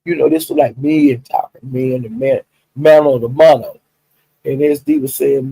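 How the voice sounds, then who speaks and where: A man's voice: medium pitch, normal speed, creaky, breathy edge, dry recording, poor audio. A man retelling a story in a casual, profane gossip style, often stopping to check in with his listeners. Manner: profane, animated, talks directly to listeners. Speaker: storyteller recapping a livestream.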